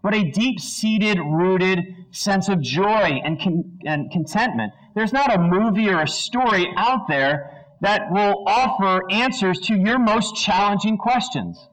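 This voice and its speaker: A high-voiced man gives a sermon in a low-quality recording. He talks to the congregation in an energetic, chatty way, posing questions and now and then doing quick impressions of lines from films.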